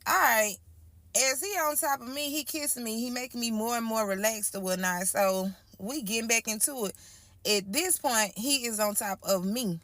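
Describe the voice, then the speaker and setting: In a dry recording, a woman gives an emotional first-person testimony about a frightening night, speaking colloquially, repeating phrases and addressing listeners as "y'all." Her voice is a little high and a bit bright, at a moderate pace.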